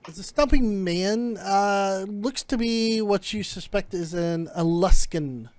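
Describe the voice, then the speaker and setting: A man narrating a tabletop game as game master, in a rambling, halting way. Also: high-pitched, a little mellow, dry recording.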